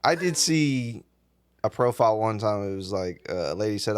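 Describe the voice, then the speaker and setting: Casual swearing podcast co-host. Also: male voice, fairly low pitch, expressive, moderate pace, clear, resonant tone. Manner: rambling, swears freely. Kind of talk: casual comedic chat.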